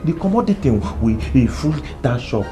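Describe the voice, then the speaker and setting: Flustered pleading shopkeeper. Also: female voice, extremely low pitch, big pitch swings. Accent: Nigerian. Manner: pleading, halting broken English with many restarts. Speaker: shop owner. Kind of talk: Nollywood film acting. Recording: film soundtrack with music behind.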